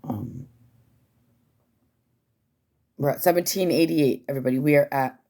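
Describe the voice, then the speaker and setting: A woman's voice: deep voice, fast talker, mellow. A woman chatting casually on a livestream, rambling, swearing freely and using many fillers.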